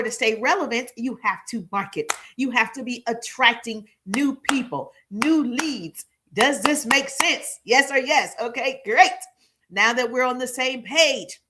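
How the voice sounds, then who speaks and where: Woman hyping up her live stream viewers, bright forceful voice, kinda high, repeats stuff for emphasis. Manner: energetic, hype-style with call-and-response to viewers. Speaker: social media marketing coach. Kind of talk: live-stream coaching talk.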